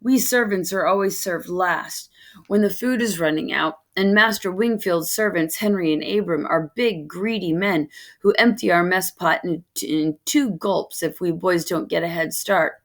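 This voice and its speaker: A woman reading a children's novel aloud in steady first-person narration. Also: on the low side, a little slow. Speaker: reader of a novel.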